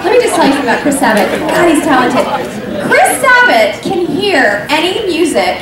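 A woman's bright, high voice swoops as she tells an animated story at a convention panel. She is heard from a distance in a very echoey hall. An audience murmurs behind her. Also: fairly quick. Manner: animated and expressive, laughing often. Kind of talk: casual anecdote telling. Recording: echoey hall, mic at distance, crowd noise.

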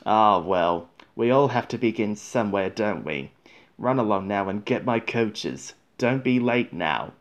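A man's voice: lowish voice, expressive, a little slow. A man voicing a proud big male express steam engine, who talks in a boastful, patronizing way.

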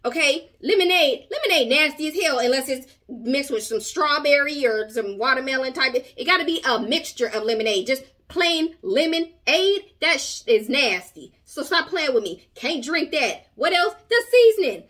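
Woman host doing reaction commentary, high bright voice, sassy. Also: normal speed, few pauses. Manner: animated, sassy, outspoken.

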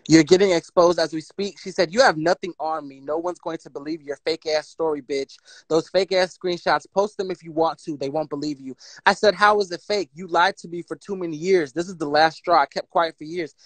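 A woman, telling her story on a phone livestream in a blunt, profane, animated way and reading out text messages. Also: sits low, brisk, few pauses, dry recording.

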